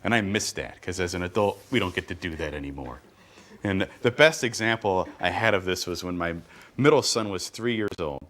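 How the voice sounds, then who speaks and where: A man's voice: low-pitched, fairly quick. A middle-aged man performing a stand-up comedy routine, telling stories with punchy asides. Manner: animated storytelling with punchy asides.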